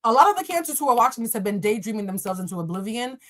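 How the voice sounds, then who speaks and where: A woman reads tarot on a live stream. She is animated and blunt, and she talks straight to her viewers and swears freely. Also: a little high, racing. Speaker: tarot reader.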